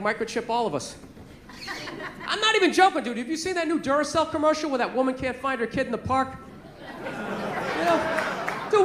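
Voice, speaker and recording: High-pitched ranting stand-up comedian. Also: male voice. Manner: profane, exasperated ranting. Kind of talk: stand-up rant. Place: comedy club stage. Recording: echoey club with crowd and noise.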